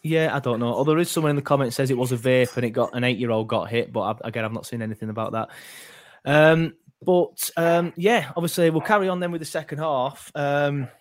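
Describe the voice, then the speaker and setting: A man hosts a casual football fan chat at an ordinary pitch. He rambles and hesitates, with plenty of fillers and restarts as he thinks aloud. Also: fairly quick. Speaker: fan podcast host.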